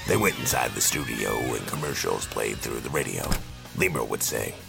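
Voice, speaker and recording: A man narrating a fan audio drama with deadpan, dry asides. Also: extremely low pitch, moderate pace, creaky, music in the background. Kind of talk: storytelling narration.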